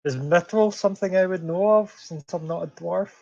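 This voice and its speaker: Guy as a chill wry adventurer, kinda high voice, muffled mic. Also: moderate pace, gravelly, mellow. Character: laid-back male adventurer with a prized sword. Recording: dull lo-fi mic.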